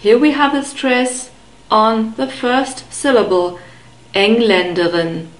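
A woman teaching German pronunciation to beginners, patiently repeating each word slowly and clearly. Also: sits high, roomy sound, low-quality recording. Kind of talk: slow, careful pronunciation lesson.

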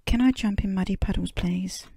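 A woman voicing an excited little girl piglet in a breathy whispered role-play from a storybook. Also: medium pitch, normal speed, no room sound. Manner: eager, pleading.

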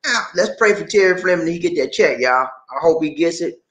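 A man's voice: a little high, brisk, roomy sound, rough recording. A middle-aged man hosting a casual livestream, reading out chat comments and giving advice in a folksy, laughing way. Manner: animated, laughing, folksy slang. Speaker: vlog host reading live chat.

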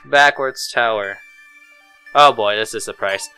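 A man commentating a let's play of custom game levels, muttering to himself and breaking into loud, swearing outbursts of frustration. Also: lowish voice, unhurried, clear, resonant tone, faint music behind.

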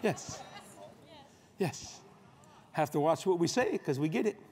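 A man's voice: a little high, expressive, measured pace, dark tone. A man preaching a humorous, folksy sermon as guest preacher at a convention, on a stage microphone. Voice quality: folksy, joking, storytelling delivery. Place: large convention hall stage.

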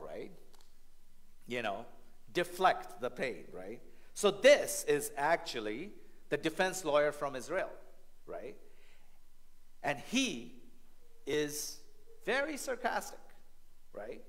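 A man preaching a sermon as family pastor in a church, animated and rhetorical, often checking in with the congregation. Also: mid-range voice, a little slow, long pauses.

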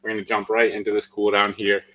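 A man's voice: fairly low pitch, monotone, fast, bright, forceful tone, a little hiss or hum, rough recording. A man leading a live-streamed workout, out of breath after exercising, calling out countdowns and encouragement and chatting with lots of fillers. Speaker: fitness instructor.

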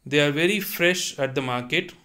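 In this online language lesson, a man with a slightly high voice and a bright, forceful tone teaches French. He reads each sentence, then translates and repeats it patiently, moving slowly and deliberately as he explains every line.

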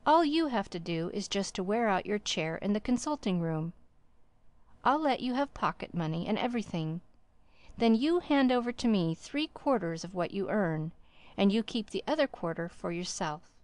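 A woman voicing a brisk, bustling middle-aged gentleman who talks in an abrupt, blunt way, in a storybook reading. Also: mid-range voice, expressive, no room sound, natural voice. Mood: brusque.

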